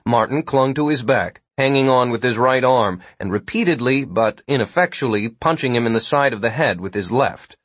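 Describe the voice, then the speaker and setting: A man's voice: mid-range voice, expressive, normal speed, hardly any pauses, fairly bright tone, dry recording. A man narrating an audiobook in a wry storytelling manner, read on a close, dry mic.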